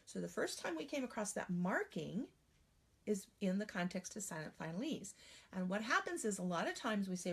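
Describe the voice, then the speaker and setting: A woman's voice: medium pitch, sing-song, moderate pace, gravelly, husky. Woman spelling trainer, patient and explanatory, mid-range voice, teaching demo. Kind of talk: teaching demonstration.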